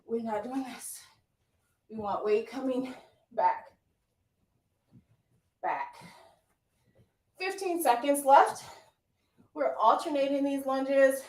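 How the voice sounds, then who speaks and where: Woman fitness instructor, high voice, slow unhurried talk, out of breath, cheering and counting down. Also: animated. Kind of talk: live workout coaching. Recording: echoey room from far off.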